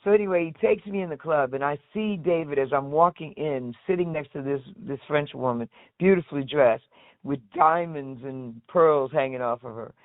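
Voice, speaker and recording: A woman tells her story in a lively, chatty way, slipping into the voices of the people she quotes. The sound is thin and phone-like. It is also dry, with no room around her. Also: deep voice, moderate pace, dry recording. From United States. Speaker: guest, singer. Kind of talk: casual storytelling interview. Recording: tinny phone-like line, dry.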